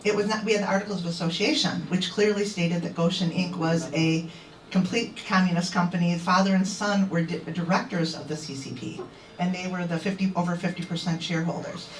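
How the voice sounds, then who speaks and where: A woman's voice: fairly low pitch, fairly quick, slight background noise. A woman activist telling a crowd an indignant story and acting out what others said. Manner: indignant, quoting others in animated voices. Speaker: activist speaker. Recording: echoey, distant mic.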